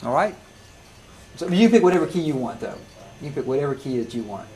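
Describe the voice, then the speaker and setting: A man teaching music software to a class, talking casually with many restarts and questions to the students. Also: mid-range voice, sing-song, a little fast, a little hiss or hum. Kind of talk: live classroom software demo.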